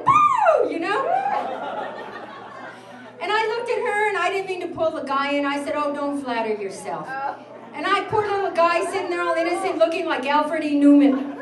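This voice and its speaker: A middle-aged woman doing a brash, profane stand-up set in a bar, acting out the people in her stories. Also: very high voice. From New Mexico, USA. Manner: brash, profane storytelling with acted-out voices. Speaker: stand-up comic. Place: bar stage with a live audience. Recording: roomy club sound from far off, crowd noise.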